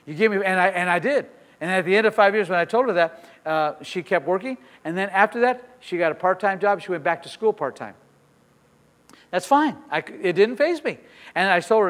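Middle-aged man, pastor; high-pitched, emphatic sermon delivery, long reverb. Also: animated, a little fast. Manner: emphatic preaching that swings between soft asides and loud declarations. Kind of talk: sermon with personal stories.

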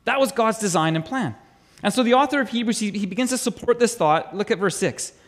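Pastor, male, high animated voice; chatty sermon delivery that quizzes the room. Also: fairly quick. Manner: chatty, asks the congregation questions, repeats words. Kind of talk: conversational sermon.

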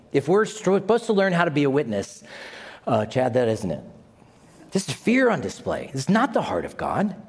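A man preaching a sermon to a congregation, animated and dramatic, with asides to his listeners. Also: medium pitch, breathy edge, big-room sound. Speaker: pastor.

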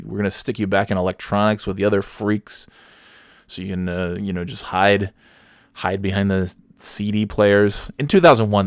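In a solo podcast, a male host in his thirties rambles casually, swears freely, and pokes fun at himself. His voice sits low, and the studio-quality recording has no room sound.

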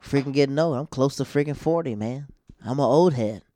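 A man's voice: medium pitch, brisk, dark tone, no echo. Slangy man in his thirties, dry sound. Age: 30s. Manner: loose, slangy, rambling with many fillers. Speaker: stand-up comedian. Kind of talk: casual storytelling monologue.

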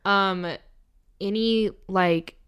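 A woman's voice: mid-range voice, steady tone, drawn-out words, fairly bright tone, smooth. Sassy young woman from the South. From American South. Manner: sassy and emphatic, swears freely. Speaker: guest. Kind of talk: casual chat.

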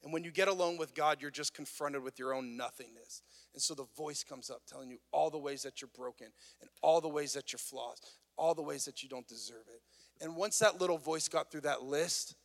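A man's voice: fairly high pitch, brisk, vocal fry. A man, a pastor, preaching a conversational and earnest sermon. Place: worship venue. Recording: long reverb of a church hall.

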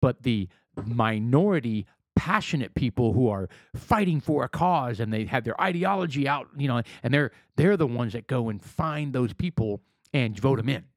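A man co-hosting a casual political chat in a blunt, animated way, swearing often. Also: mid-range voice, moderate pace, hardly any pauses, dry recording. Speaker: podcast co-host.

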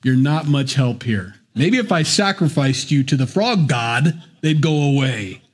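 A preacher voicing an exasperated ancient Egyptian king who mocks his own magicians, in a sudden high, mocking tone. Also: animated, unhurried, husky. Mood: scornful.

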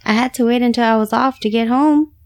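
A woman's voice: on the high side, a little fast, a little mellow, no echo. A young woman hosting a podcast, chatting candidly and casually about her family and swearing now and then. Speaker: podcast host. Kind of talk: casual personal chat.

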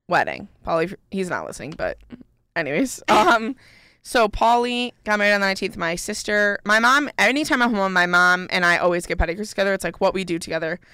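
A woman's voice: fairly low pitch, a bit bright, clear, resonant tone, no echo, clean studio sound. A young woman co-hosting a podcast, telling a long story in a rambling, chatty way full of "like" and "um". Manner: chatty, rambling, heavy use of "like" and "um". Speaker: podcast co-host. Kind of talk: casual storytelling chat.

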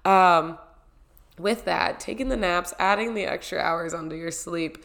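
Sick twenty-something girl rambling to the camera, kinda low and creaky, lots of likes and laughs. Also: unhurried, fairly bright tone. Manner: chatty, with many fillers and frequent laughs. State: sick with a cold. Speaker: wellness vlogger. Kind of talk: casual chat.

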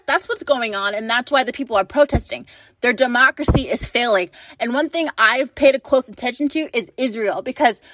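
A woman's voice: fairly high pitch, a bit bright, no echo. A woman in her late twenties from the United States, delivering an angry, profane political rant to camera and firing off rhetorical questions. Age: late 20s. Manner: furious, profane, rapid-fire rhetorical questions. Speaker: vlogger.

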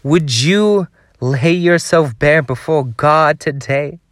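A man's voice: on the high side, slow pace, no echo, clean studio sound. A man preaching a devotional sermon, pleading with his listeners in an earnest, exhorting way.

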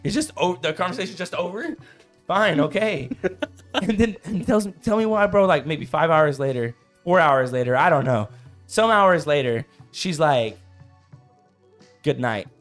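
A man in his thirties co-hosting a casual podcast, telling a story in an animated way, getting loud and worked up, saying "bro" a lot. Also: fairly high pitch, moderate pace, soft background music. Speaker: podcast co-host.

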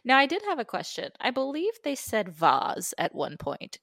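A woman co-hosting a podcast in casual, animated chat, giggling often. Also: on the high side, gravelly, no echo, clean studio sound. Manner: animated, giggly, quick asides. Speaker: podcast co-host.

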